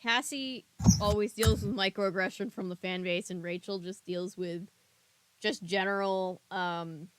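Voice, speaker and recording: A woman's voice: mid-range voice, steady tone, unhurried, smooth, no room sound. A woman hosting a casual book discussion podcast, chatty and giggly, often trailing off into fillers. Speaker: podcast host.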